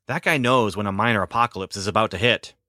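A man's voice: lowish voice, fast talker, pushed and bright, no room sound, studio quality. A man voicing a boastful, wry ancient male demigod in a story reading, talking in a sardonic, grumbling way.

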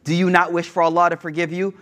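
A man delivers a relaxed sermon. He tells old stories in modern slang and acts out the quotes as he goes. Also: high voice, quick pace. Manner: slangy, animated retelling with acted quotes. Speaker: Islamic preacher. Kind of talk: casual sermon with storytelling.

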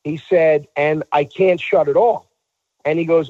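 A man with a fairly high voice tells a story in a casual talk, acting out the people he quotes. The sound is dry and a bit dull, as if recorded on lo-fi gear. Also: steady tone, unhurried, darkish tone, dry recording. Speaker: guest telling a story.

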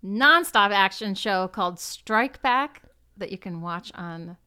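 Smooth-voiced woman guest, enthusiastic chat. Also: medium pitch, lively intonation, slow pace, pushed and bright. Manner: enthusiastic, uses "like" often. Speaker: podcast guest, actress and improviser. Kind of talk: casual chat.

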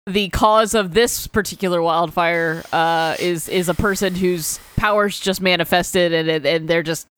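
A woman's voice: lowish voice, steady tone, measured pace, a bit bright, slight background noise. A woman co-hosting a casual podcast, enthusiastic, often swearing and acting out quotes from the story. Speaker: podcast co-host discussing comics. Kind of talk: casual chat.

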